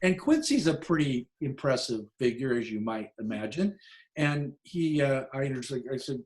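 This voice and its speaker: A man, a documentary filmmaker, casually telling behind-the-scenes stories to a class, animated and full of restarts. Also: mid-range voice, normal speed. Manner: animated anecdotes, acts out quoted voices, frequent restarts. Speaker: documentary filmmaker, guest speaker.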